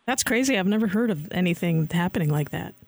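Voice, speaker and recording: A male podcast host with a high voice who reacts readily and asks follow-up questions. He breaks in with quick exclamations. The sound is dry and close. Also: expressive, creaky, dry recording. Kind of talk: podcast interviewing.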